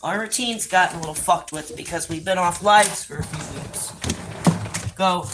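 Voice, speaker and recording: A woman's voice: on the low side, very animated, slow, long pauses, bright, forceful tone, slight background noise, poor audio. A woman hosting a casual livestream outdoors by a pool, talking loosely and profanely while coaxing her dogs along. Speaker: livestream host.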